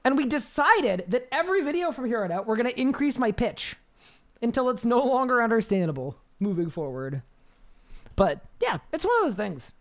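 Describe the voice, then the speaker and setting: A man with a high-pitched voice, chatting casually on a live game stream, reading chat aloud and rambling with restarts.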